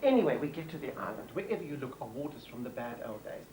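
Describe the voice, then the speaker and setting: A male actor, the comic lead of a TV comedy, portrays a chattering, self-important, gossipy middle-aged white woman from Johannesburg with a South African accent, in a brassy mood. His medium-pitched voice is sing-song, fast, and mellow, lightly acted, over poor audio with a little hiss or hum.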